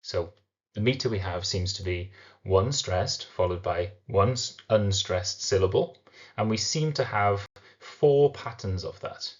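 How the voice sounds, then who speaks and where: Low-voiced male English teacher. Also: highs cut off. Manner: explains step by step, slows down to sound out syllables. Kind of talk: recorded lesson.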